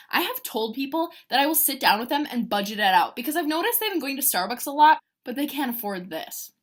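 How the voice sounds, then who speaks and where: A woman giving an energetic motivational pep talk to her sales team, emphatic and swinging between loud bursts and hushed asides. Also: high-pitched, fast talker, hardly any pauses.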